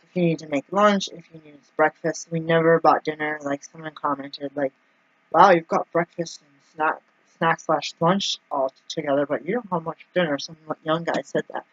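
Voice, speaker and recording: A woman's voice: sits low, steady tone, normal speed, no room sound, muffled recording. A woman telling a personal story in a casual vlog, chatty and full of fillers, acting out the people she quotes. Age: adult, mother of two young kids. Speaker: vlogger.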